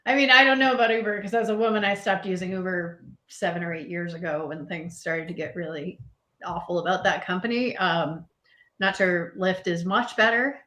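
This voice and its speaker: Female panel guest, animated storyteller, echoey room sound. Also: lowish voice, normal speed. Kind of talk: casual panel discussion.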